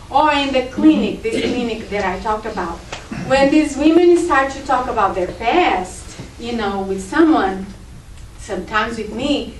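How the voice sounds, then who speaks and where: High-voiced woman giving a group talk. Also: a little hiss or hum. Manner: conversational, explains through acted examples. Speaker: speaker at a spiritist group. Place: meeting room. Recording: roomy echo, distant mic.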